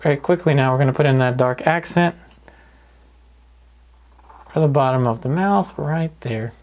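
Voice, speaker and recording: A man calmly talking through each step of a painting lesson in an easygoing way. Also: medium pitch, moderate pace, muffled recording. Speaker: painting instructor. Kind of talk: paint-along tutorial narration.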